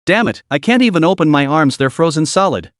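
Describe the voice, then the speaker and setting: Man voicing a brash young guy, crude and cursing, lively pitch, dry sound. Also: fairly quick, no echo, close to an everyday voice. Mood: desperate. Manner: blunt, swearing inner monologue.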